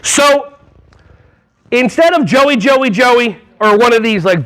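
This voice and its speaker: A man from New Jersey giving a playful, animated keynote on early childhood classroom management to a conference crowd. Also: extremely high pitch, slow pace, long pauses. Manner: playful and animated, breaking into silly voices and songs. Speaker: early childhood education trainer. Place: large conference hall.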